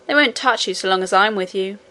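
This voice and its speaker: A woman's voice: medium pitch, fairly quick, bright, forceful tone, close to an everyday voice. A woman voicing a brave, cheerful twelve-year-old miner boy who speaks confidently and matter-of-factly in an audiobook. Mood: assured. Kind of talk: audiobook character reading.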